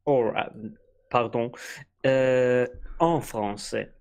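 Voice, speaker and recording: A man from Norway co-hosting a casual podcast. He picks his words carefully and sounds slightly formal, pausing on hesitant fillers as he goes. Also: medium pitch, creaky, a little mellow, clean tone. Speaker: podcast co-host. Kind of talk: casual chat.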